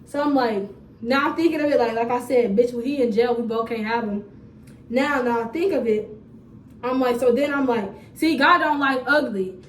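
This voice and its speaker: A young woman telling a storytime vlog in a casual, animated, profane way with laughing asides, filmed on a phone. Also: fairly high pitch, normal speed, slight background noise. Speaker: storytime vlogger. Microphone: phone camera. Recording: roomy phone recording from a distance.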